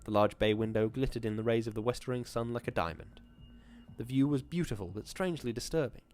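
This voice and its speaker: A man and podcast host reading a classic horror short story aloud in a measured, formal narrating voice. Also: mid-range voice, a little mellow.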